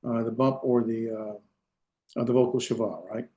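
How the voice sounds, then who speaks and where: A Hebrew instructor in middle age gives a grammar lecture in a steady tone at ordinary pitch, recorded lo-fi with a clear room echo. He's hesitant and self-deprecating, pausing often to fill gaps or fix what he just said.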